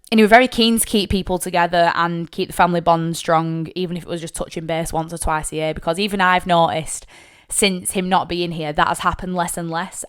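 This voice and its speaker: Smooth and lowish, the voice belongs to a young Lancashire woman hosting a podcast and recounting her own stories in monologue form. She's candid and talkative with plenty of casual swearing, getting animated when she mimics family. Her accent is clearly Northern English, from Lancashire.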